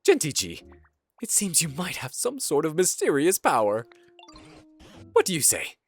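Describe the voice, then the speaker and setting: A man voicing a lonely, hopeful survivor figure in a game playthrough, in a sing-song, drawn-out manner. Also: fairly high pitch, huge pitch swings, husky, soft background music, heavily acted. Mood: delighted. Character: lonely hopeful survivor creature of a ruined world.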